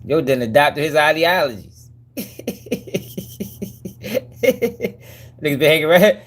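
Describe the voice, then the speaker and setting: A man's voice: on the high side, animated, takes it slowly. A man hosting a commentary channel, reacting to clips in a mocking, profane way with frequent laughs.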